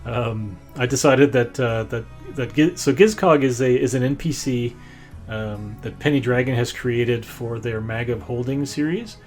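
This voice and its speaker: A man narrating a tabletop game as game master, his talk meandering with plenty of pauses. His pitch sits in a middle range. Soft guitar music plays in the background. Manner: rambling, many fillers and restarts.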